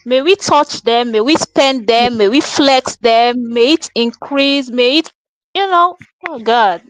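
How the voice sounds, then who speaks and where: A woman's voice: fairly high pitch, takes it slowly, no echo, rough recording. A woman on a live chat show leading a spoken prayer, fervent and rhythmic. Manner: fervent and rhythmic when praying. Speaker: panelist.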